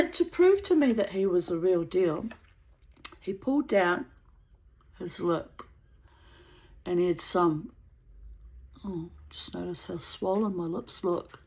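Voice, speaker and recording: Woman vlogger, unhurried and low-pitched, blunt, profane storyteller. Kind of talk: storytelling to camera.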